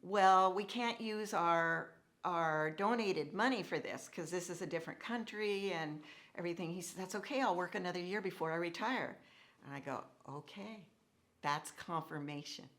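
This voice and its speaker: A woman's voice: fairly low pitch, normal speed. A middle-aged woman telling a personal story to an audience, acting out the dialogue she quotes. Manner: animated, acts out quoted dialogue. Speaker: speaker telling her story.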